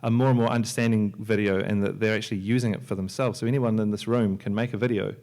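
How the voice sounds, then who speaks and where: Low-voiced man giving a joking panel talk. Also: fairly even intonation, fast, a little mellow. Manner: joking, loose, with many restarts and fillers. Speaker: panel speaker, software entrepreneur and filmmaker. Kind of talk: conference talk. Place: lecture hall at a library.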